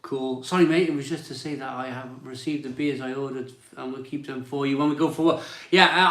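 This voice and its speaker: A man's voice: on the high side, fairly even intonation, moderate pace, a bit bright, roomy sound. A man hosting a casual beer live stream, chatting and greeting viewers as he reads their comments aloud.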